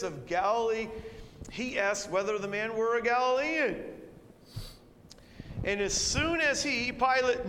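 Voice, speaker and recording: A high-pitched man teaching through a Bible passage in an animated way, jumping into the characters' voices as he goes. His voice rings with a long reverb, and faint noise sits under it. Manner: animated, acts out quoted characters with shifts in pitch. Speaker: preacher.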